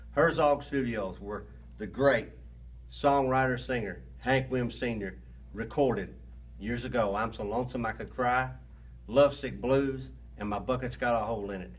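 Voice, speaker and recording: A singer-songwriter speaking slowly and earnestly to the camera from an indoor recording studio. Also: male voice, medium pitch, slightly rough. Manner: slow, earnest, reverent talk. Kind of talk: casual spoken intro to camera. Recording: loud piano music in the studio.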